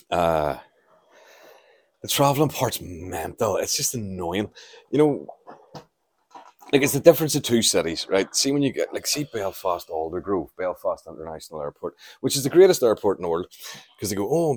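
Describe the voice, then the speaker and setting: Brief: Northern Irish host, low voice, sweary rambling monologue, dry close sound. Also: male voice, dry recording. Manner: rambling, sweary, jokey storytelling. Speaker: podcast host. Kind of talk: casual solo podcast monologue. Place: at home, moving around the house doing chores.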